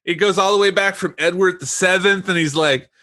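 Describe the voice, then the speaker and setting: A man's voice: high-pitched, a little fast. A man guesting on a podcast, chatting casually and riffing with jokes while recapping a TV episode. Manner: jokey, riffs with mock quotes and deadpan asides.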